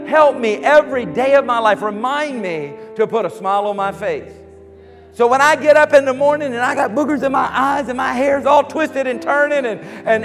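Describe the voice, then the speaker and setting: High-pitched man preaching a sermon, big swings loud to quiet, long echoey hall, faint music behind. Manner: animated preaching, shouting then dropping low. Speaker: pastor.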